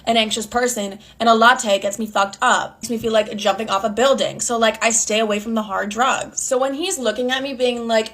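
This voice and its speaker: A woman's voice: on the high side, fairly even intonation, a little fast, few pauses, fairly bright tone. A young woman telling a storytime while doing her makeup, chatty and exasperated, full of "I'm like" asides. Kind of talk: casual storytime monologue.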